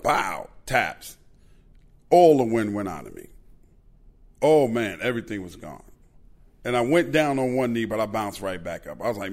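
A man hosts a podcast, telling loose, profane anecdotes. His low voice has a gravelly edge. He talks in a casual, animated way. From Queens, New York. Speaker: podcast host. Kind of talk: casual storytelling.

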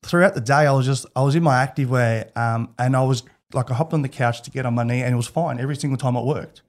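A man with an Australian accent, a guest in an interview, telling personal stories in a candid, animated way and laughing as he goes. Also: medium pitch, fast talker. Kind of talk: casual storytelling.

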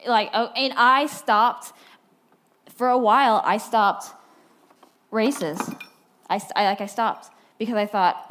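A woman giving a sermon, telling personal stories in an animated way, swinging from bright and loud to hushed and low. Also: normal speed. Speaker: speaker at a church talk.

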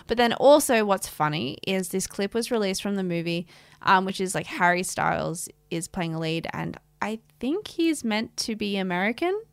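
A young woman co-hosts a podcast in a chatty, playful manner, acting out the quotes she tells. Her pitch swings a lot as she talks, and the recording is close and dry. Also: expressive, moderate pace, gravelly, smooth, dry recording. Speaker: podcast co-host. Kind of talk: casual chat.

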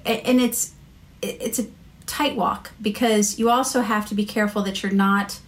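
A woman's voice: medium pitch, fairly even intonation, moderate pace. An American woman, a guest on a podcast interview, talking casually and telling anecdotes with many fillers and restarts. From United States. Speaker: marketing executive guest.

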